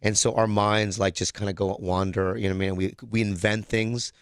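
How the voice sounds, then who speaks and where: A man's voice: on the low side, little pitch movement, brisk, clear, resonant tone, no echo, studio quality. A man who is a comedian, guesting on a radio show and telling rambling, self-deprecating stories. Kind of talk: casual radio interview. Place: radio studio.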